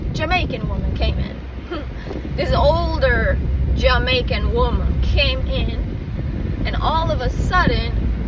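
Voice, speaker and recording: A woman rambling candidly in a casual monologue, swearing freely as she talks outdoors. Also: high-pitched. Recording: distant mic with loud traffic noise.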